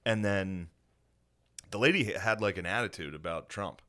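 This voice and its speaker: A man's voice: fairly low pitch, normal speed, pushed and bright. A man co-hosting a casual podcast, joking and laughing often in slangy chat. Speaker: podcast co-host.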